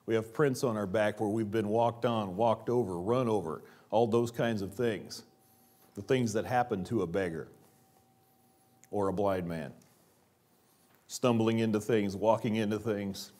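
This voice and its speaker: A man's voice: fairly low pitch, measured pace. Man preaching a sermon, rising and falling. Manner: preaching with rhetorical questions, dropping to quiet emphasis. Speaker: pastor. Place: church sanctuary.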